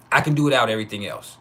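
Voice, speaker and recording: A man's voice: mid-range voice, gravelly, a bit bright, slightly rough. A man hosting a casual live stream, joking and laughing often as he chats with viewers. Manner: loose, joking, laughs often, drawn-out names. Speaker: livestream host.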